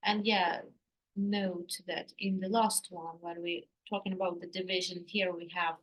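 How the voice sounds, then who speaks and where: A woman co-teaches a casual lesson, repeating words back and adding short notes. Her voice is lowish and a little husky. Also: flat delivery, moderate pace, muffled recording. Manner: repeats words back, brief agreeing replies.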